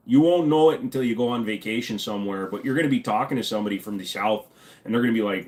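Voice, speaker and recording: A man's voice: fairly low pitch, quick pace. A man in his forties hosting a casual livestream, reading chat messages aloud and answering them in a joking, offhand way. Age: 40s. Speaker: livestream host.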